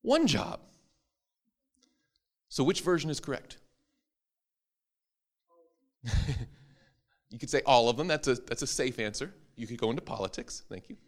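A man's voice: medium pitch, expressive, normal speed, pauses often. A man, a preacher, teaching an interactive Bible class to a live audience, joking and quizzing them as he goes.

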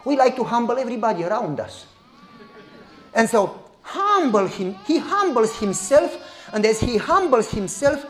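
A man preaching a sermon, swinging between loud exclamations and hushed asides, and acting out the voices of people in his stories. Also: very high-pitched, expressive, normal speed.

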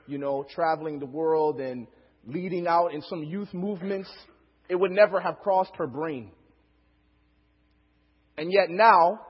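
A man's voice: on the high side, husky, long reverb tail, highs cut off. A young male preacher telling a personal story as a sermon, acting out the quotes and laughing often.

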